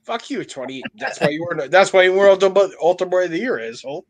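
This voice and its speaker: Young adult man, high voice, swings up and down a lot, profane, laughing banter. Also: fast talker. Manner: profane, animated storyteller, laughs often. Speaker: podcast co-host. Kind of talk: casual crude banter.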